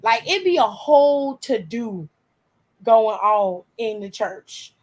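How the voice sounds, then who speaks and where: Animated, profane woman telling a story. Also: fairly high pitch, slow, rough recording. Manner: animated, profane, laughs often. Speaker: host. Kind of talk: casual storytelling chat.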